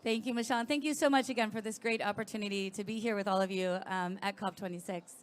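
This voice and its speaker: A woman's voice: medium pitch, steady tone, quick pace. A woman moderating an online panel, gracious and upbeat as she hands off to speakers. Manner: upbeat, gracious hand-offs.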